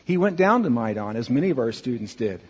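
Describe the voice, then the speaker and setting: A man speaking earnestly to a congregation as he narrates a slideshow, asking for the next slide and pausing on fillers. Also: medium pitch, big pitch swings, slightly rough. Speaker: church mission speaker presenting slides. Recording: dull, muffled audio with long hall reverb.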